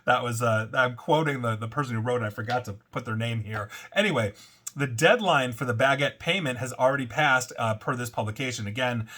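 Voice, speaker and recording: A man hosts a casual solo show on data breaches, with a bright, forceful voice at a middle pitch. He rambles a little, stacking fillers and correcting himself as he goes. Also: brisk. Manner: reads quotes aloud in a put-on French accent.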